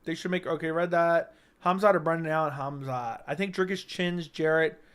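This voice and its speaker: A man's voice: a little high, fairly even intonation, moderate pace, a bit bright, smooth. A young man hosting a casual livestream, telling stories animatedly with frequent swearing and "right?" asides. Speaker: livestream host.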